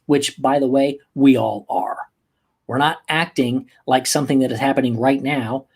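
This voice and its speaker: A man hosting a motivational podcast as a coach, talking emphatically and moving from slow, soft passages to quick bursts. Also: medium pitch, husky. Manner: emphatic, acts out angry outbursts.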